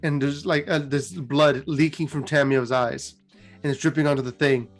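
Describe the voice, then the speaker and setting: Male host, high voice, animated casual lore retelling. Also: normal speed, faint music behind. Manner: animated storytelling.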